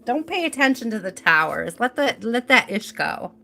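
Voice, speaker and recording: A woman's voice: medium pitch, expressive, normal speed, vocal fry, sharp tone, a little hiss or hum. A middle-aged woman hosting a live tarot reading, chatting in an easygoing way with mild swearing. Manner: chatty, easygoing, mildly profane.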